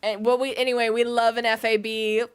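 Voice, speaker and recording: A woman's voice: on the high side, flat delivery, fairly quick, smooth, faint music behind. A young woman streaming a game, chatting casually with viewers, giggling and musing about how words are pronounced. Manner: bubbly, giggly, reads out chat and muses on word pronunciations. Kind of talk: casual livestream chat with viewers.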